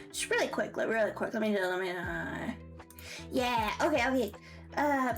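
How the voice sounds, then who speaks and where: A woman's voice: fairly high pitch, moderate pace, faint music behind. A woman with a Southern American accent chatting casually on a livestream, playful and giggly with squealy outbursts. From Southern United States. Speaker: streamer.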